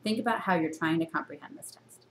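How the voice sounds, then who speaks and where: Expressive woman teaching a reading class. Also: fast talker, slight background noise. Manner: teacherly, full of rhetorical questions; expressive jumps in pitch for emphasis. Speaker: university reading instructor. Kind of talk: recorded classroom lecture. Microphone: camera.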